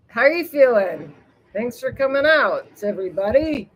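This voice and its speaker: Chatting loosely with her live audience, this host reads viewer messages, wanders from subject to subject, laughs a lot and drops casual swears, springing up with excitement each time she names someone. Her voice is on the high side at normal speed, and the recording is rough.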